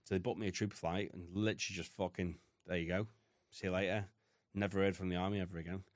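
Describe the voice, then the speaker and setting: Deep-voiced British man telling a hard story. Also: little pitch movement, quick pace, dry recording, studio quality. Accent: British English. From United Kingdom. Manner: blunt, heavy swearing, emotional retelling. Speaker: podcast guest. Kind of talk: candid storytelling.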